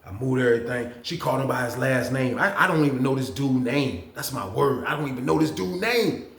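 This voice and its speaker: A man hosting a casual storytime, animated and profane, talking straight to his viewers. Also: mid-range voice, a little fast, creaky, reverberant. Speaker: storytelling channel host. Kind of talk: casual storytime about prison.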